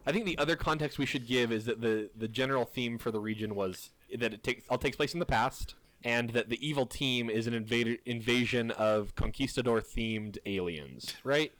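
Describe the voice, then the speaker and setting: A man hosting a casual podcast, relaxed and quick to laugh. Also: mid-range voice, dry recording. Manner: laid-back, laughs often.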